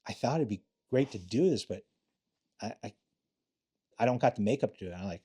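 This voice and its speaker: A man's voice: on the low side, animated, fairly quick, long pauses, warm tone, breathy edge. A man in his late fifties, a retired police officer, telling blunt, profane stories in a casual interview and acting out the quotes.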